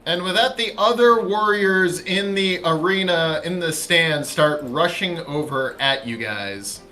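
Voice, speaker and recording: A man's voice: high-pitched, measured pace, pushed and bright, faint music behind. A man narrating as dungeon master for a tabletop game, loose with fillers.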